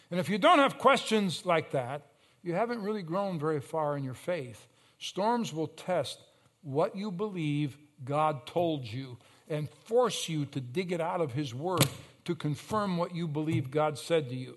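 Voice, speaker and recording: A male pastor preaching a sermon, telling stories with sudden loud surges and slow, emphatic phrases. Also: on the high side, expressive.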